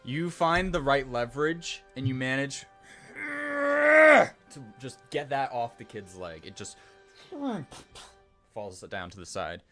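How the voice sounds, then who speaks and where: A man's voice: mid-range voice, wildly swooping pitch, slow pace, long pauses, sharp tone, soft background music. A man narrating a tabletop game as dungeon master, rambling loosely and making sound effects.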